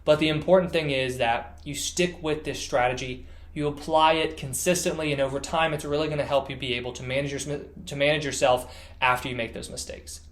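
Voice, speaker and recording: A man's voice: on the high side, steady tone, brisk, a bit bright. A man explaining a mental strategy as a sports psychology coach, speaking plainly and directly with simple repeated phrases. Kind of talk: instructional talk to camera.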